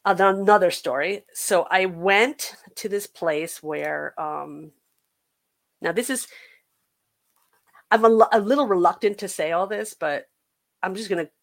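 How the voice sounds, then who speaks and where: An American woman, a podcast guest, telling a personal recovery story in an earnest, halting way, with frequent restarts. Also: mid-range voice.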